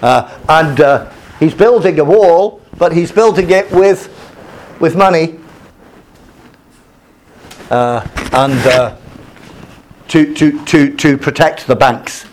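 A man's voice: on the high side, takes it slowly, pauses often, a little hiss or hum. Hesitant male lecturer with many fillers. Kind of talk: lecture with slides.

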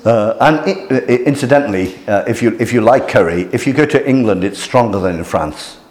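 A man's voice: on the low side, animated, fairly quick, a little mellow. A man giving an informal lecture to a class, hesitant with many restarts and fillers, chuckling at his own jokes. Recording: roomy hall echo.

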